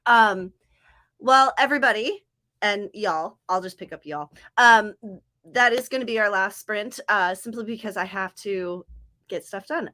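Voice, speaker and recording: Young woman, streamer, from southern california, rambling, self-correcting, bright tone. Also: medium pitch, measured pace. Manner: rambling, self-correcting, talks to chat by name. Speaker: livestream host of writing sprints. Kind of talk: casual livestream chat to viewers.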